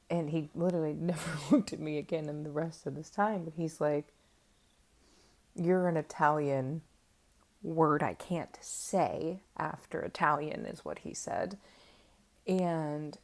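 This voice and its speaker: Woman in her 30s, vlogger, low gravelly voice, candid and self-mocking, casual storytelling. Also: dark tone.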